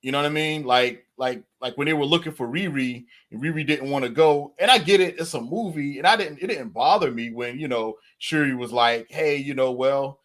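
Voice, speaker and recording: Stammering guest in casual film talk. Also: male voice, fairly high pitch, a little fast, hardly any pauses. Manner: animated, stammering restarts, frequent "you know". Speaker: guest reviewer. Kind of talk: casual movie review chat.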